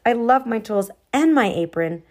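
A woman voicing Kendall, a cheerful, inventive young girl, with high, excited exclamations. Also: moderate pace.

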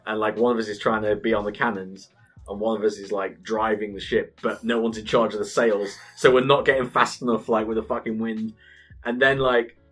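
A man in his thirties, casually co-hosting a podcast, telling an animated, sweary gaming story and laughing often. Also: on the low side, brisk, slightly rough, soft background music.

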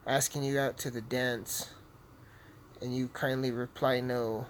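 A man's voice: medium pitch, little pitch movement, measured pace, a little hiss or hum. A young man hosting a podcast, rambling brashly and swearing constantly while he plays a game. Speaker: podcast host. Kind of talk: casual profane monologue while gaming.

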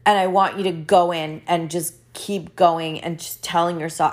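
A woman's voice: on the low side, steady tone, normal speed, few pauses. A woman hosting a podcast as a life coach, talking earnestly and with emphasis, often repeating her phrases. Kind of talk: motivational podcast monologue.

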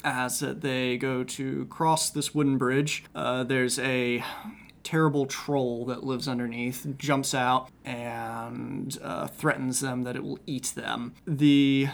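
A man of ordinary pitch talks through an old folk tale on a podcast. He rambles a bit, stopping to say um and restart his sentences, in a loose, chatty way. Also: flat delivery, slow, creaky. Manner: rambling, many ums and restarts. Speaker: podcast co-host. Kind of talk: casual storytelling chat.

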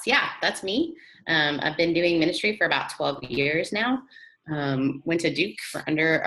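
Woman, 30s, low bright voice, blended British-Canadian-Southern accent, chatty podcast guest. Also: rough recording. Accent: mixed British, Canadian and Southern US. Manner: chatty and self-deprecating, lots of "like" and "um". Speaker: pastor. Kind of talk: podcast interview.

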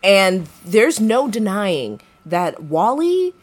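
A woman's voice: medium pitch, sing-song, slow. A woman co-hosting a casual movie podcast, playfully recapping the plot. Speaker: podcast co-host. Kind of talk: casual movie-review chat.

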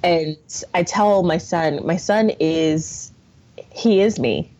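Husky lower-voiced woman, animated storyteller. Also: slow. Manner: animated storyteller who often laughs. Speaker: podcast guest. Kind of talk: casual conversation. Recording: dull lo-fi sound.

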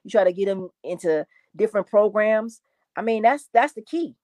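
An earnest woman prosecutor makes emphatic public remarks and sometimes restarts her sentences. Her voice sits at a middle pitch. The sound is dry, with no room echo. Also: expressive, moderate pace, dark tone.

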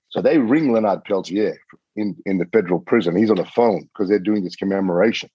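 A man, a podcast guest, telling a story in an earnest, animated way. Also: low voice, fast talker, husky, no room sound, lo-fi sound. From Australia. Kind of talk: storytelling in conversation.

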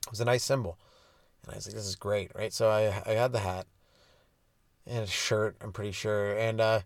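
A man's voice: medium pitch, expressive, fairly quick, no room sound, studio quality. A young man who is a stand-up comedian telling rambling, profane childhood stories on his own podcast. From Canada. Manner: loose and profane, hopping between goofy bits and stories. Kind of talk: rambling solo podcast storytelling.

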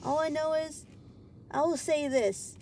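A woman's voice: high-pitched, unhurried, mellow, a little hiss or hum. A young woman co-hosting a podcast in casual chat, joking, laughing often and swearing freely. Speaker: podcast co-host.

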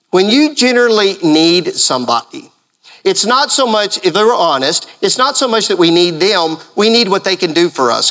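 Brief: male pastor, sermon, bright forward tone, animated, rhetorical questions. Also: high voice.

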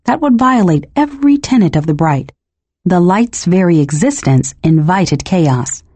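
A woman reading a novel aloud as first-person narration, measured and expressive. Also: on the low side, slightly rough, no room sound. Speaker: audiobook narrator.

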